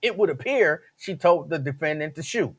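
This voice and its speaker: A man hosting a talk radio show, telling stories in an animated, slangy way. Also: on the high side, moderate pace, slightly rough.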